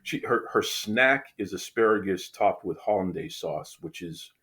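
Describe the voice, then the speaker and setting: A man's voice: low-pitched, lively intonation, unhurried, sharp tone, breathy edge. A man from Boston hosting a casual interview, teasing his guest playfully and often repeating words as he starts a sentence. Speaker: podcast host.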